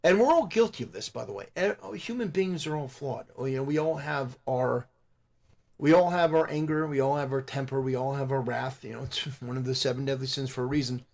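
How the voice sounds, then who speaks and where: Preachy, halting man lecturing. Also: medium pitch, vocal fry, darkish tone. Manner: moralizing, halting with many fillers. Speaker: content creator. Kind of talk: preachy live-stream monologue.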